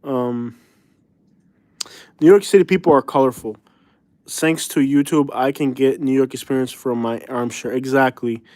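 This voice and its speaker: A man's voice: medium pitch, steady tone, moderate pace, pauses often, darkish tone, dry recording. A man chatting casually on a live stream, rambling and chuckling, with frequent fillers and slang.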